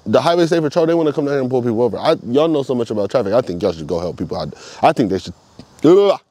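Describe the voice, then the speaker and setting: Dude vlogging, swears nonstop, says stuff twice for emphasis, normal pitch. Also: male voice, animated, racing, mellow. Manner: profane, emphatic, repeats himself. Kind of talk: casual monologue.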